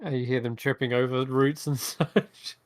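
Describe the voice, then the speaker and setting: A man's voice: mid-range voice, fairly even intonation, normal speed, dry recording. A man who is the dungeon master, narrating a tabletop game in a laid-back way.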